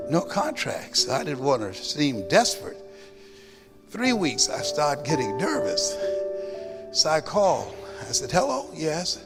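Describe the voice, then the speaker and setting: A man giving a motivational speech, telling a story, then leading the audience in call-and-response. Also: fairly high pitch. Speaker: motivational speaker. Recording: long hall reverb with clear music underneath.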